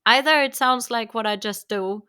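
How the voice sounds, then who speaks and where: A woman's voice: fairly high pitch, normal speed, pushed and bright, clean tone. A woman hosting an interview, talking in a friendly, conversational way. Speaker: host. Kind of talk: casual chat.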